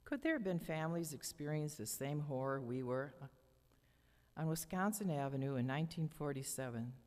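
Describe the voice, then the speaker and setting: An older woman with a low, deep voice reads from her memoir at a church lectern. Her delivery is measured and dramatic, and a long church hall reverb trails each phrase. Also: darkish tone. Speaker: memoir reader. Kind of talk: reading a personal memoir aloud.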